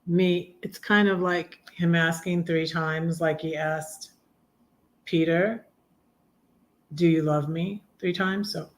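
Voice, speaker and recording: A woman hosting a live stream, chatting casually and reading her own poetry, soft-spoken and often trailing off into a hushed murmur. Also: on the low side, fairly even intonation. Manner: halting, with frequent restarts and trailing off.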